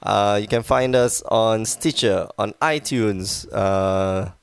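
A man's voice: fairly low pitch, takes it slowly, vocal fry, clean tone, dry recording. A man hosting a podcast in casual chat, rambling and laughing easily, with a wheezy cough. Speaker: podcast host.

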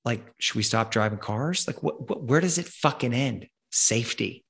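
A man's voice: mid-range voice, lively intonation, moderate pace, a bit bright, husky. A man hosting a conversation, ranting angrily and emphatically with lots of swearing. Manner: profane, angry, emphatic ranting. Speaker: podcast host.

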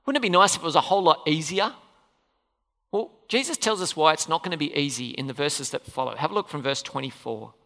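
A bright, animated preacher delivering a sermon with a voice that swings up and down. The sound rings out with the long reverb of a church hall. Questions keep going out to the congregation. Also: medium pitch, fast talker. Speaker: pastor.

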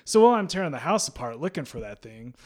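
Man, podcast host, casual chat, relaxed relatable storytelling. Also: a little high, quick pace.

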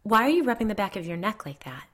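A woman's voice: mid-range voice, moderate pace, a bit bright, pitched above the performer's own voice, lightly acted. A woman voicing an anxious mother who pleads and worries about her son.

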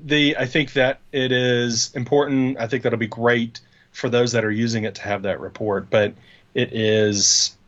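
A man's voice: mid-range voice, fairly even intonation, unhurried, fairly bright tone, muffled recording. A man co-hosting a podcast in casual tech chat, rambling and explaining with many fillers and restarts. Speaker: podcast co-host.

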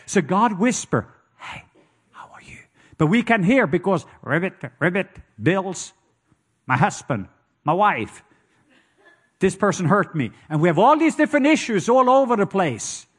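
A man's voice: high voice, sing-song, normal speed, breathy edge. A man with a Norwegian accent preaching a sermon, telling stories and joking with the congregation. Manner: storytelling, playful asides to the congregation.

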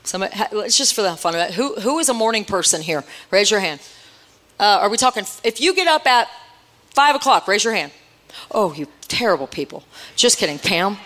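Woman, preaching, church hall, bright-pitched voice, joking with the congregation. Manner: playful, teasing the congregation. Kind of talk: sermon.

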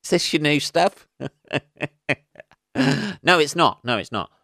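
A man's voice: fairly high pitch, expressive, takes it slowly, bright, forceful tone, no echo. An English man, a comedian hosting his own podcast, rambling casually with lots of swearing and self-mocking asides into a close mic.

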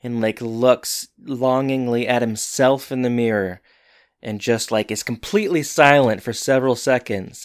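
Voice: mid-range voice, normal speed. A playful co-host casually recapping a show, joking and acting out characters' lines. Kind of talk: casual chat.

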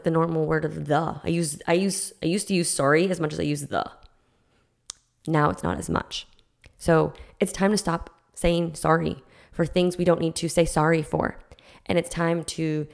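Deep and creaky, this woman's voice carries her own casual solo podcast, where she talks as a life coach. She's earnest and reflective, restarting her thoughts frequently.

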